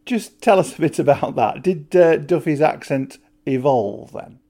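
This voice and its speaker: A man interviewing a guest, asking measured, polite leading questions. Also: a little high, expressive, mellow.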